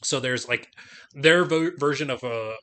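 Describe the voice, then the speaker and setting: A man's voice: mid-range voice, measured pace, bright, forceful tone. A man narrating as game master of a tabletop game, rambling with many fillers.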